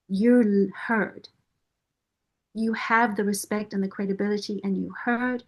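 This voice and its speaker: A woman, a parent caregiver and board member, speaking earnestly and with measured pauses in a heartfelt interview testimonial. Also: medium pitch.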